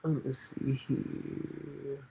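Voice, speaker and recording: A man's voice: mid-range voice, little pitch movement, drawn-out words, creaky, mellow, slightly rough. A man hosting a casual livestream, rambling and mocking with frequent laughter, talking now and then to someone beside him. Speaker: livestream host.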